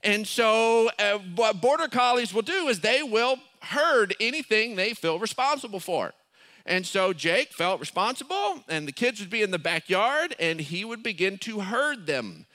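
A middle-aged male pastor telling a story in a sermon, acting out quotes and rising to shouted peaks. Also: sits high, sing-song, moderate pace.

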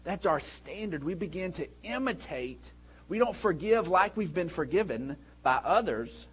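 A man in his thirties preaches with a rather high voice for a man. He tells his stories in a lively, animated way and breaks into loud shouts when he acts out scenes. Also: moderate pace, husky. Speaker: pastor. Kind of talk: sermon.

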